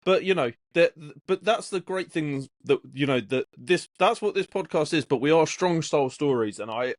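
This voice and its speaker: A man's voice: on the high side, no echo, studio quality. A man co-hosting a podcast, telling stories in a rambling, casual way. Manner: rambling, many fillers and restarts while storytelling. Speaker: podcast co-host.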